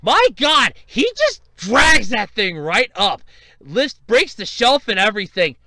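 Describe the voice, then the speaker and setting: Animated, high-voiced rambling podcast host. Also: male voice, a little slow, dry recording. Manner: rambling, profane, animated storytelling. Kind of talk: casual solo podcast rant.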